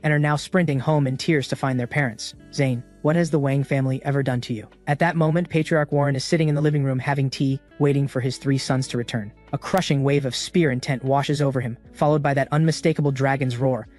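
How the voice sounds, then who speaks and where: A man giving dramatic, energetic scripted narration as a comic recap narrator. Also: medium pitch, quick pace, hardly any pauses. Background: music.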